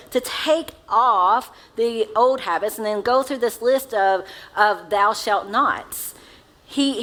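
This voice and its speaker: A woman's voice: on the high side, fairly bright tone, poor audio. A woman pastor delivering a casual, conversational sermon, often laughing at herself as she talks to the congregation. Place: church sanctuary.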